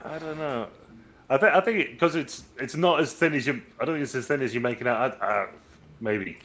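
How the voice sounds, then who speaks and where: A man's voice: medium pitch, a little fast, a bit bright. A man co-hosting a movie review podcast in casual chat, hesitant, repeating words and making dry jokes. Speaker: podcast co-host.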